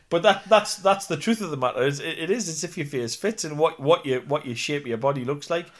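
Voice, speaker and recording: A man with a Geordie accent, an actor and singer chatting in an interview, self-deprecating and full of fillers. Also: mid-range voice. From North East England. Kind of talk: casual interview chat.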